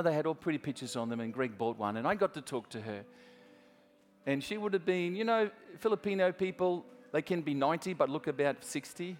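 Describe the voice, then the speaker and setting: A man's voice: a little high, in a large hall. An Australian man preaching a sermon in a church, telling a story in a chatty way and talking straight to the congregation. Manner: chatty, restarts often, speaks straight to the congregation.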